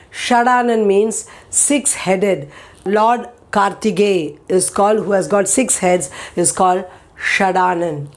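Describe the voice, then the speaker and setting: A woman, patiently teaching pronunciation and repeating each word for learners. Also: mid-range voice. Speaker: language teacher. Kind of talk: pronunciation lesson.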